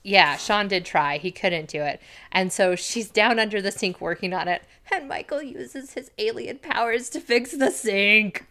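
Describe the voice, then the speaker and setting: A woman co-hosting a podcast, chatting casually and quoting characters in quick bursts. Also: mid-range voice, animated, bright, forceful tone. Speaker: podcast co-host. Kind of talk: casual chat recapping a TV episode.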